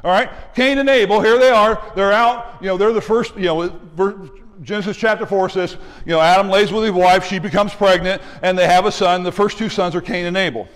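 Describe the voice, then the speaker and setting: High-voiced preaching man, hall reverb. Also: fairly quick. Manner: animated preaching with call-outs to the congregation. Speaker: pastor. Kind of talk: sermon. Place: church sanctuary.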